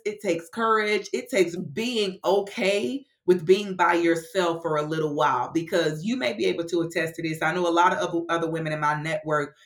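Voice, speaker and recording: A woman podcast guest speaking earnestly and motivationally in casual conversation, with talk of faith. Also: fairly low pitch.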